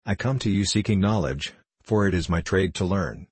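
A polite, earnest young scholar with a piping voice, asking careful questions, as a male reader puts him on. The reader's own voice stays low and husky underneath. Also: moderate pace, dry recording. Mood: earnest questioning.

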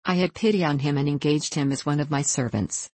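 A woman's voice: low-pitched, brisk, darkish tone, dry recording. A woman reading aloud voices a bold, assured young prince who captains a ship in a fairy tale. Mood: accusing.

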